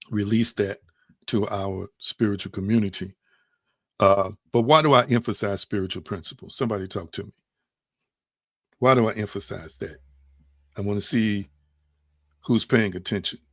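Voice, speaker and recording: A man's voice: fairly low pitch, no room sound, studio quality. A man giving a live-streamed spiritual teaching, repeating his phrases, putting questions to viewers and reading their comments aloud.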